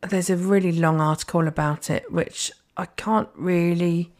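Young woman with a slightly low voice, blunt and sweary; casual podcast co-host. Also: fairly even intonation, unhurried, darkish tone. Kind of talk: casual chat.

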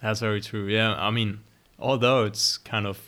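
A man's voice: on the low side, fairly even intonation, normal speed, sharp tone. A man interviewing a guest in a casual conversation, talking hesitantly with many fillers.

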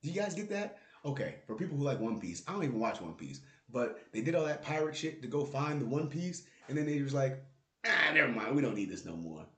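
Here the same kind of solo basketball talk comes briskly and with few pauses, as a podcast host jokes, swears, and rants. His medium-pitched voice has a darkish tone and big pitch swings. The echoey room and a close mic with popping plosives shape the sound.

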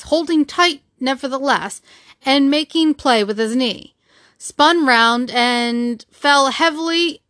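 A woman's voice: high-pitched, a bit bright, no echo, studio quality. Woman reading a classic novel aloud. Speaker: audiobook reader. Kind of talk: storybook narration.

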